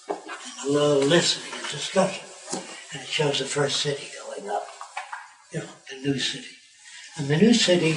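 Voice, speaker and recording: An elderly man over ninety giving a rambling, animated talk to visitors as a tour guide. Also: fairly high pitch, reverberant, distant mic, noisy background.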